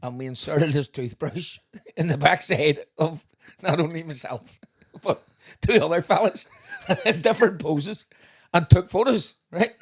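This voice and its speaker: A man's voice: on the high side, measured pace, husky. A middle-aged man with a Belfast accent, co-hosting a podcast and telling stories while laughing through them. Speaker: podcast co-host. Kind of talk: casual storytelling chat.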